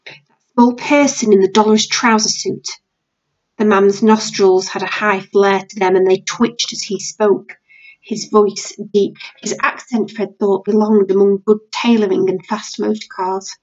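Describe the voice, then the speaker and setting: A woman's voice: mid-range voice, fairly even intonation, unhurried, darkish tone, lo-fi sound. A British woman teacher reading a novel aloud to her class.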